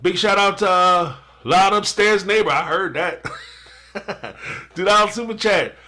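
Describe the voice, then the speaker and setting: A man's voice: high voice, unhurried, bright, forceful tone. A man hosting a casual live stream, reacting to a TV episode and reading out viewer super chats with jokes, playful asides and frequent laughter.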